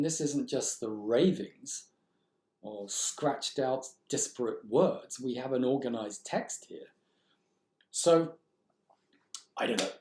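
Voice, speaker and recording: A man's voice: mid-range voice, darkish tone. A man lecturing on literature, thinking aloud and posing rhetorical questions to his students. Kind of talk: recorded lecture. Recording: echoey room.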